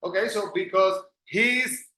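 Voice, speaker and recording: A man leads an English lesson, patiently correcting each student and repeating words slowly for them to copy. His voice sits high and bright, and he talks at an unhurried pace. The sound is roomy, with a noticeable echo. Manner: patient, corrects and drills pronunciation. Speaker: English teacher. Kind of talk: online English class.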